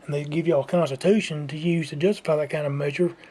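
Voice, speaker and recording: A man's voice: on the high side, steady tone, fast talker, darkish tone, breathy edge. A man delivering an unscripted, repetitive lecturing rant to his viewers. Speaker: vlogger. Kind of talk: unscripted ranting monologue.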